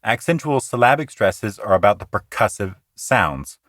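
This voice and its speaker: Man, podcast poetry teacher, low-ish voice, earnest, conversational, dry close sound. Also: very animated, a bit bright, no echo. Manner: earnest, explanatory, slows down to recite lines rhythmically. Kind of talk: explanatory poetry lesson.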